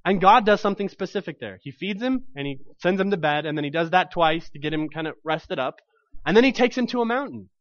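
A man's voice: a little high, expressive, fast talker, fairly bright tone, dry recording, muffled recording. A man preaching a sermon to his congregation, telling the story with animation and acting out the voices in it.

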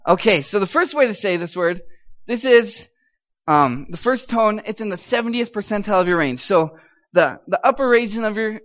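Upbeat high-voiced man coaching a crowd. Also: a bit bright. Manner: upbeat, encouraging, coaxing the crowd to repeat. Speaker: missions speaker. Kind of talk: live talk with audience call-and-response. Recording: slightly muffled lo-fi recording.

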